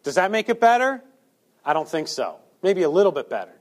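A male preacher gives a sermon in a high, animated voice that swoops widely up and down, pitched well above most men's and moving a little fast. He keeps putting rhetorical questions to his listeners and acts out the quotes he cites.

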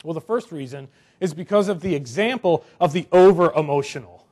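A young man preaching a conversational sermon, animated, with joking asides to the congregation. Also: a little high, a little fast, husky. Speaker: pastor.

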